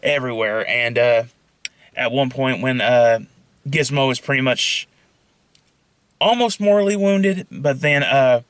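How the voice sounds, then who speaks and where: A young man pitching his own film idea in a casual, rambling monologue full of fillers and restarts. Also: measured pace, long pauses, a bit bright, smooth, no room sound.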